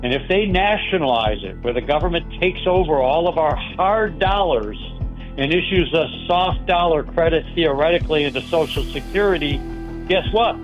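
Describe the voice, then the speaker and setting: A man's voice: fairly high pitch, expressive, moderate pace, faint music behind, low-quality recording. A male guest on a talk show who gives urgent warnings in his answers. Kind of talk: interview answers.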